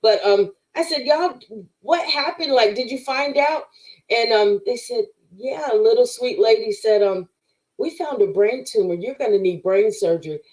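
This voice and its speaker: A woman's voice: on the high side, moderate pace, a little mellow, poor audio. A woman guest on a podcast giving an emphatic, preacherly faith testimony in conversation, speaking straight to her listeners.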